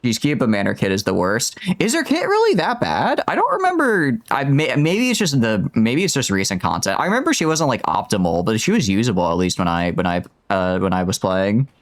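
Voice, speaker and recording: A man chats casually through a gaming live stream, rambling and making fun of himself. His voice sits low but moves through a wide, animated range of pitch. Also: fairly quick, hardly any pauses. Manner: joking, rambling, self-mocking. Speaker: game streamer.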